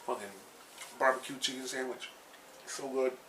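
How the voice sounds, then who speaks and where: Recapping anime episodes, this man rambles casually and profanely, full of fillers and self-corrections. He speaks at a moderate pace in a fairly bright mid-range voice with little pitch movement, recorded on a slightly distant mic with faint background noise.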